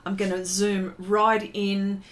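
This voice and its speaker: A woman's voice: medium pitch, little pitch movement, slow pace. A woman hosting a casual art livestream, chatting in a rambling way with many fillers and greeting viewers by name.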